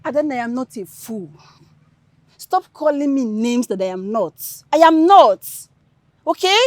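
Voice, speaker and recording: A principled young woman protesting against her scheming friends. Her voice is high and lively in pitch, recorded close and dry. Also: a little slow, no echo. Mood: defiant. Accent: Nigerian. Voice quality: earnest, protesting. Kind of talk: film drama acting.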